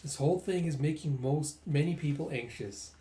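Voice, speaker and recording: A man voicing a calm, confident male leader who lays out his plans in a measured way, barely changing his own voice. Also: fairly high pitch, lightly acted. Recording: roomy echo.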